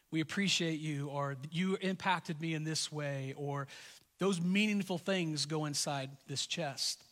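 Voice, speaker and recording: A middle-aged male pastor delivers a sermon in a high, bright, forceful voice. He is earnest and animated, stumbling and repeating words as he tells personal stories. The sound carries a long reverb, as in a large hall.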